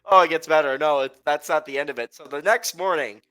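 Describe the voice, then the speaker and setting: A man's voice: on the high side, a little fast, pushed and bright, low-quality recording. A man co-hosting a casual chat, telling a travel story with lots of fillers and laughter. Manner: rambling, filler-heavy, laughs while telling. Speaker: podcast co-host.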